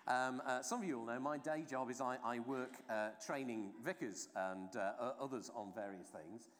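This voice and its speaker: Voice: medium pitch, moderate pace. A preacher giving an informal, chatty baptism sermon, telling the story with many asides and fillers. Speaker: clergy trainer preaching at a baptism. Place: church during a baptism service. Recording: long church reverb.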